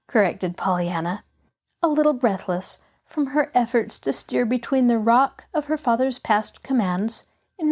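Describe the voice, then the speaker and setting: A woman hosting a podcast and narrating a classic children's novel in a clear, even storytelling manner. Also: mid-range voice. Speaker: host and narrator. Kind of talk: audiobook narration.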